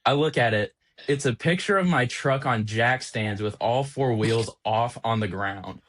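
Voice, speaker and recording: A young man on a podcast, an auto technician telling an animated, exasperated story about a workplace prank. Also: medium pitch, measured pace. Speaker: podcast co-host, automotive technician. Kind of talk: casual storytelling chat.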